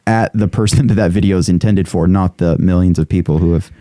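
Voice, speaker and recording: Low, mellow-voiced podcast guy. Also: steady tone, brisk, dry recording, studio quality. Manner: candid, crude, rambling. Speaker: podcast co-host. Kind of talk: casual chat. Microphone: studio podcast mic.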